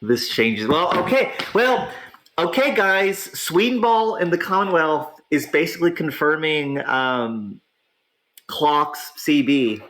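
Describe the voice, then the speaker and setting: A man hosting a casual online talk show, reacting excitably to gaming politics with frequent laughs and drawn-out exclamations. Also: a little high, poor audio. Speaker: podcast host.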